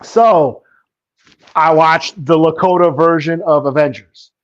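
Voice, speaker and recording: A man co-hosting a podcast who chats in a relaxed, offhand way. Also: on the high side, takes it slowly. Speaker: podcast co-host. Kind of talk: casual podcast chat. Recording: dull lo-fi sound.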